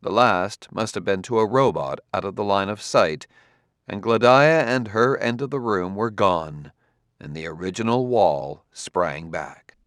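A man narrating a novel as an audiobook in an expressive storytelling manner. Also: on the low side, a little slow, dry recording, studio quality. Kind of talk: scripted narration.

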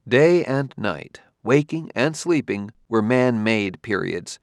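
A man giving measured, expressive scripted narration of a science fiction novel. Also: lowish voice, no room sound, clean studio sound. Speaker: audiobook narrator.

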